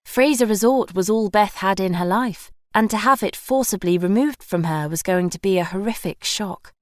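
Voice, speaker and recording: A woman narrating an audiobook in an even, measured scripted read. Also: medium pitch, dry recording, studio quality.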